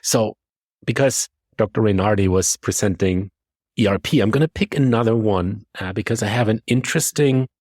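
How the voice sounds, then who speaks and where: Deep-voiced German-accented man, dry sound. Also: normal speed, dry recording. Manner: lively storytelling, acts out quoted thoughts. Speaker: confidence coach and podcast guest. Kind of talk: conversational podcast discussion.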